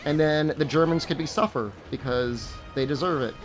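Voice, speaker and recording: A young man streaming a game, chatting casually with his viewers in a rambling, sarcastic way and laughing at his own jokes. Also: fairly high pitch. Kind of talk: casual live-stream chat while gaming.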